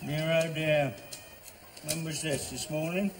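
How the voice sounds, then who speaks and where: A grumbling, smug football-fan husband. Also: male voice, on the high side, fairly even intonation, slow, noisy background. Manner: grumbling asides, shouts at the television. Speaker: neighbour watching football on TV. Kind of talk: sitcom acting.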